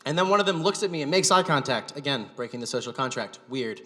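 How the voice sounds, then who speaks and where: A man's voice: mid-range voice, fast talker. Wry male comic in an echoey hall. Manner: deadpan, wry storytelling. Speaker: stand-up comedian and show host. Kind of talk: live stand-up storytelling. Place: gallery venue with live audience. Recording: echoey gallery hall, long reverb.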